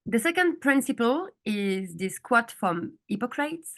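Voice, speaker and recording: A woman's voice: a little high, very animated, unhurried, hardly any pauses. A woman dentist giving a conference lecture to colleagues, speaking carefully in a language that is not her first and asking the audience questions. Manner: speaks a second language with slight slips.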